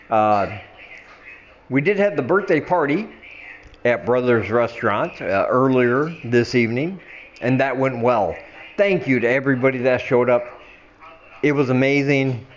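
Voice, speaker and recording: A man's voice: dull audio, slight background noise. An older man chatting casually to his viewers in a vlog, laughing at himself and slurring his words a little after some wine. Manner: chatty, laughs at himself, drifts into a low mumble at the ends of phrases. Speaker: vlogger. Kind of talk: casual chat to camera.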